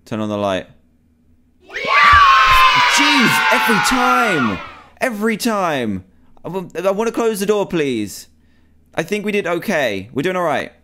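A man's voice: fairly high pitch, very animated, brisk, a loud crowd, very noisy. A man commentating on a horror game, panicky and pleading, repeating himself as he talks to himself. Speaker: gamer.

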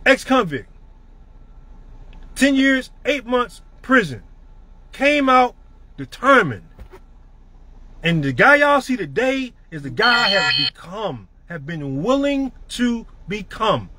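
A man's voice: sits high, sing-song, takes it slowly, sharp tone, no room sound. A middle-aged man giving a profane, emphatic motivational rant to his network marketing team.

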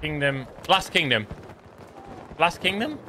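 Joking gaming streamer. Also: male voice, a little high, very animated, takes it slowly, sharp tone, a little hiss or hum. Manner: rambling, joking, trails off into mumbles. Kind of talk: casual gameplay commentary.

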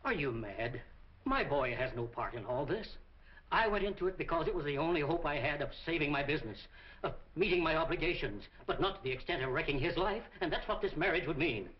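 A man's voice: fairly high pitch, expressive, a little fast, natural voice. An actor playing a worried, stern store owner and father, in 1940s film acting. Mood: desperate. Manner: stern, anxious, forceful when angry. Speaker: businessman. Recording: dull old film soundtrack.

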